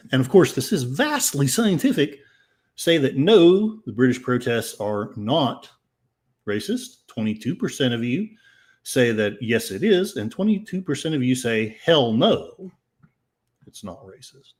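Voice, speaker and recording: A man's voice: medium pitch, sing-song, measured pace, a little mellow. An older man hosting a podcast, reading headlines aloud and commenting with sarcasm and many fillers. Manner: sarcastic, rambling, with frequent fillers. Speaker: podcast host.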